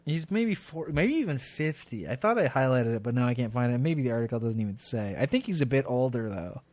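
A man's voice: medium pitch, lively intonation, brisk, darkish tone, dry recording. Crude, laughing male podcast co-host. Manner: crude, laughing, puts on silly voices in anecdotes. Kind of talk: casual comedic chat.

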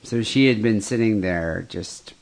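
A man, co-hosting a podcast in casual chat, retelling a grim story with meandering, halting restarts. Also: fairly low pitch, vocal fry. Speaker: podcast co-host.

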